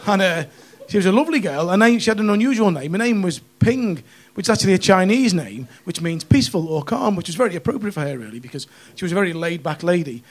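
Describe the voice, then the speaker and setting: A middle-aged comic from Runcorn, northwest England, does a stand-up set in a comedy club, his accented voice pitched fairly high for a man. Cheeky and conversational, he keeps tossing out tag questions. He talks fast with lively intonation and hardly pauses.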